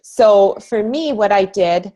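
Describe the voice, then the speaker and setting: A woman in her thirties from Canada tells her own story as a call guest. Her voice sits at a middle pitch, and she speaks with earnest enthusiasm. She often slips in a "you know" and laughs easily. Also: lively intonation, slow, warm tone. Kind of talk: personal story in casual conversation.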